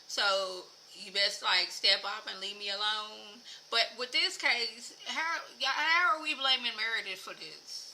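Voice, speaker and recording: A woman recapping a reality show for her viewers in a chatty, opinionated way. She speaks straight to the audience and grows louder and higher when worked up. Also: lively intonation, unhurried, few pauses, a little hiss or hum, rough recording. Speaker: TV show reviewer. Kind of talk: casual recap commentary to viewers.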